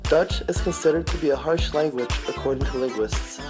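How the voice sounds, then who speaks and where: A man narrating an educational piece in a measured, explanatory reading style. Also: fairly high pitch, over music, poor audio.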